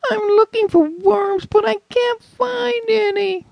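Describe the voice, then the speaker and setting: A man voicing a whiny, excitable little boy in an audiobook, in a high, whining voice. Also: normal speed, slightly rough, no room sound, full character voice. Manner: high-pitched and whining, cries out. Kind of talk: audiobook character voice.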